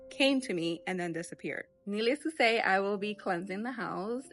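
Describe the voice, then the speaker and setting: A woman's voice: medium pitch, gravelly, fairly bright tone. A woman outdoors telling a personal encounter in a conversational way, with many fillers. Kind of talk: personal storytelling.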